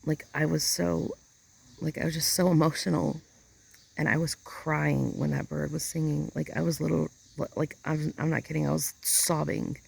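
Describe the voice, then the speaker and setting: A woman's voice: low-pitched, flat delivery, moderate pace, vocal fry, slightly rough. A woman talking casually in an outdoor vlog, rambling and emotional as she hunts for the right words. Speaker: vlogger. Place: outdoors in a yard chair.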